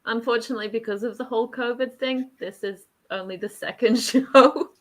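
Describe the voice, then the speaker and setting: Australian actress guest, young woman, bubbly, laughs mid-sentence, pitched fairly high. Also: a little fast. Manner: bubbly, laughs through her words. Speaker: theatre actor guest. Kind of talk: casual chat.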